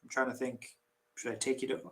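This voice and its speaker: A man's voice: medium pitch, completely flat delivery, fairly quick. A man hosting a casual tea live stream, chatting in a rambling, self-deprecating way with many restarts.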